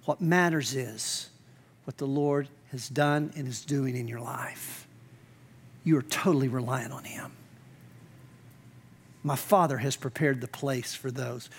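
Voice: mid-range voice, a little slow, pauses often, breathy edge. A pastor preaching a sermon in a conversational, emphatic way, acting out quoted lines.

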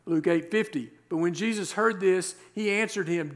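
Emphatic preaching man, somewhat high voice. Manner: reads scripture aloud, then explains with rhetorical questions; emphatic, slows down to stress key words. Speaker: pastor. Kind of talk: sermon.

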